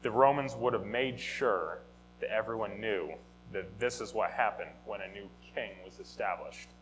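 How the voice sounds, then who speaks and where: A man teaching a Bible lesson in a conversational, animated way, often restarting and correcting himself. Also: medium pitch, slight background noise, poor audio. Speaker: teacher of a Bible study or sermon. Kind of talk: informal teaching talk.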